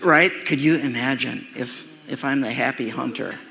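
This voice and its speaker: A man preaching a sermon, telling a personal story in an animated way and acting out its sounds and voices. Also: medium pitch, normal speed, gravelly, a little hiss or hum. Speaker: pastor. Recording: reverberant hall recording.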